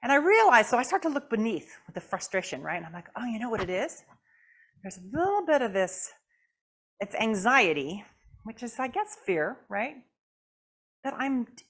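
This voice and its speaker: A middle-aged woman giving a storytelling talk as a guest speaker, animated and acting out voices and dog barks. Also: a little high, a little fast. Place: church hall.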